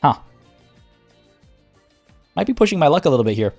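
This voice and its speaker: A man's voice: on the high side, normal speed, soft background music. A man streaming a strategy game with casual, chatty commentary, talking to his units as he plays. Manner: relaxed, chatty, talks to units.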